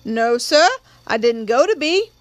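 This is a frightened young man testifying in court, voiced by a woman reading a novel aloud. He answers slowly and humbly, respectful even under pressure. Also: on the high side, dry recording. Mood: fearful. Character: gentle young Black man on trial, polite and frightened.

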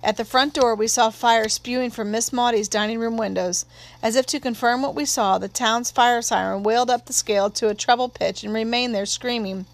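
A woman narrating an audiobook in a measured, steady storytelling voice. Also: fairly high pitch.

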